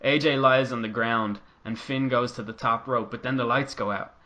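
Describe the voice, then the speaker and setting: Bright-voiced man telling a wrestling story. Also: mid-range voice, normal speed. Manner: animated storytelling, acts out quotes in voices. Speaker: podcast co-host. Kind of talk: casual podcast chat, fantasy booking story.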